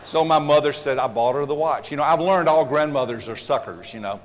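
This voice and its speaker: A man giving a humorous seminar talk, telling family stories in an animated, joking way. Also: on the high side, a little fast, in a large hall, slight background noise. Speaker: seminar speaker.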